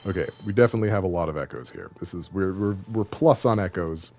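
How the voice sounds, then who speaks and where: A young man with a deep, slightly mellow voice streams a game, talking fast in casual commentary. He jokes, rambles, and often pokes fun at himself, with slight background noise.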